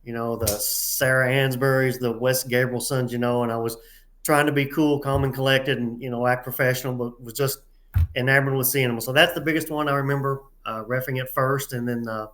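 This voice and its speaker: A man with a Southern drawl, a referee guest telling stories in an interview, halting with many filler sounds and a folksy, self-deprecating manner. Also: mid-range voice, fairly even intonation, fairly bright tone. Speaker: head tournament referee, guest. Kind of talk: casual interview storytelling.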